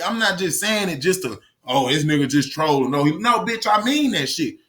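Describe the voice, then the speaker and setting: A fairly high-voiced man delivers a profane opinion monologue straight to his audience. His tone is bright and forceful as he lectures bluntly and circles back to repeat his points for emphasis. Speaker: commentary channel host.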